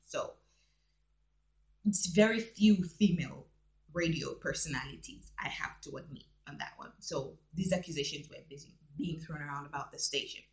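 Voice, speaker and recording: A woman chatting casually in gossip commentary, acting out the quoted people with big jumps in pitch. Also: normal speed. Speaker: vlogger.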